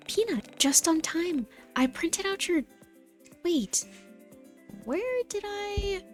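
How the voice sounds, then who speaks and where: A woman voicing a scatterbrained, doting young librarian in a visual novel, in a bright, bubbly voice. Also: very high-pitched, expressive, extremely slow, soft background music, voice pushed up, full character voice. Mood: flustered.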